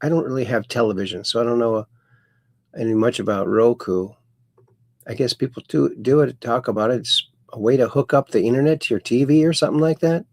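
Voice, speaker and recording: A man hosting a casual livestream, slowly reading chat messages aloud with sudden bright upswings. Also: medium pitch. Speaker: host.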